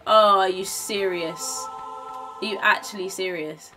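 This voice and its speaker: A young woman giving live commentary on a game she is streaming, talking to herself and her viewers and gasping and shouting when something startles her. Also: mid-range voice, a little slow, faint music behind, low-quality recording. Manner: excitable, gasping and shouting at surprises.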